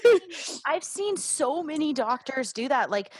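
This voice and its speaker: A woman's voice: sits high, very animated, measured pace, slight background noise. A woman hosting a casual chat who speaks emphatically and swears freely. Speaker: podcast host.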